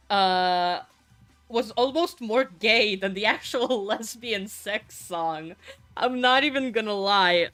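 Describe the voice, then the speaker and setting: Slow-talking bright-voiced woman streamer. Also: mid-range voice, smooth. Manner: gushing, swears freely, rambling asides. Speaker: vtuber streamer. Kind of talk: casual live-stream chat.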